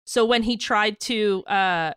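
A woman co-hosting a music podcast in casual chat, laughing often and halting with fillers. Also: medium pitch, a bit bright, clear, resonant tone, no room sound, clean studio sound. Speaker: podcast co-host.

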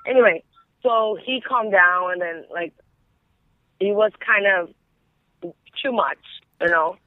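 A man with a notably high voice, calling in and telling his story in loose, meandering phrases studded with "like". His voice arrives through a thin, phone-like line, dry and close with no room around it. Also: takes it slowly, dry recording. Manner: rambling, heavy use of "like". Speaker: caller. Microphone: telephone.

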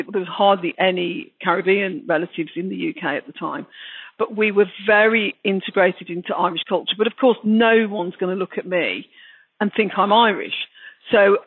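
A woman's voice: medium pitch, slightly rough, no room sound. A woman in her sixties with a Birmingham accent, a guest author telling her story frankly and emphatically. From Birmingham, England. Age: 60s. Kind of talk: reflective interview talk. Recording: dry, tinny phone-like line.

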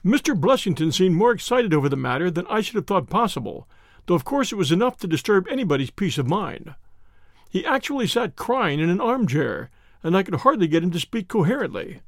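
A man voicing an earnest doctor recounting events in a measured way. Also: high-pitched, very animated, no echo, clean studio sound, full character voice. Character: earnest male doctor telling his tale.

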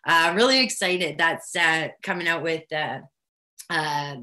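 A woman in her fifties, a stand-up comedian, chatting in a relaxed, laid-back way as a guest on the line. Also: sits low, a little slow. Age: 50s. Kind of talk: casual interview chat. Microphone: phone line.

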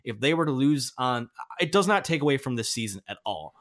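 A man's voice: medium pitch, lively intonation, fairly quick, fairly bright tone. A man hosting a casual sports talk show, giving earnest, emphatic opinions. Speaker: podcast host.

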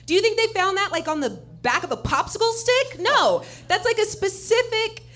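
A woman's voice: very high voice, big pitch swings, normal speed, fairly bright tone. A woman on a comedy panel giving a heated, emphatic rant.

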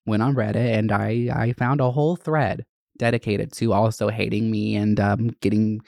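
Woman podcast host, gravelly fry, dry close mic, loose rambling chat with swearing. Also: very deep voice, fairly even intonation, moderate pace, darkish tone, dry recording. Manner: rambling, profane, full of "like" and "you know". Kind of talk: casual chat.

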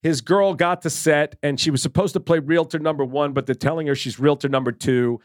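A man hosting a podcast, telling stories in an animated way, swearing and laughing as he goes. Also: a little high, a little fast, no echo, clean studio sound. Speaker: podcast host and director. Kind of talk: casual storytelling chat.

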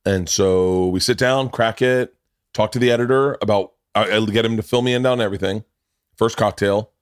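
A man's voice: fairly low pitch, fairly even intonation, normal speed, clean tone, no room sound, clean studio sound. Rambling middle-aged male podcast host. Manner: rambling, profane storytelling that acts out other people's lines. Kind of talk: casual chat.

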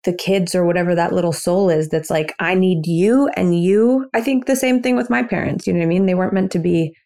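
Low gravelly-voiced pregnant woman guest. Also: fairly quick, warm tone. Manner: reflective, laid-back, lots of "you know". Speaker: podcast guest. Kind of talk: casual chat.

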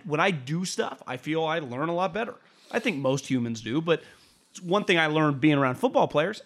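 A man co-hosting a casual sports podcast, rambling through his points with restarts and an occasional swear. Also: fairly bright tone. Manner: rambling with restarts and swings in pitch; casual, swears now and then. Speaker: podcast co-host.

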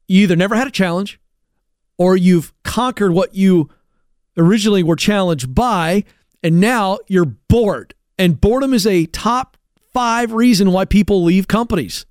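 A man's voice: sits high, no room sound, studio quality. A man hosting a career advice show, talking emphatically and with a coach-like push. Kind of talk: energetic talk-show monologue.

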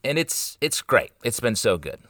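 A man co-hosting a parenting show, telling an animated bedtime story about his kids. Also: medium pitch, normal speed, no room sound. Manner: animated storytelling, voices his kids' lines. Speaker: podcast co-host and father. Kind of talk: casual chat.

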